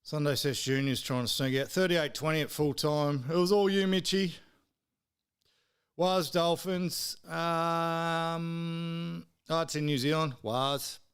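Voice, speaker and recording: Swearing, teasing Australian man, smooth voice. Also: a little high, fairly even intonation, a little slow. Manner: swears freely, teases viewers and mates in the chat. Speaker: live-stream host. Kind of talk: casual live-stream footy tipping chat.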